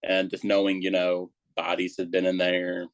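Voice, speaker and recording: A man's voice: sits low, monotone, moderate pace, dry recording. A man, a paranormal investigator chatting casually on a podcast, rambling nervously with lots of fillers.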